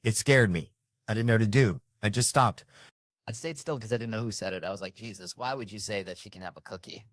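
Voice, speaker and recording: Low-voiced man doing stand-up. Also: quick pace, dry recording, studio quality. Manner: conversational storytelling, animated asides. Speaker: stand-up comedian. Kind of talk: stand-up comedy.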